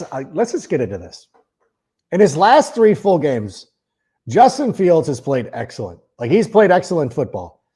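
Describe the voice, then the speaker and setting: With a fairly high, mellow voice, this man hosts a sports podcast, chatting loosely and at length. He tends to repeat words when opening a sentence, and midway he reads an ad for a sponsor.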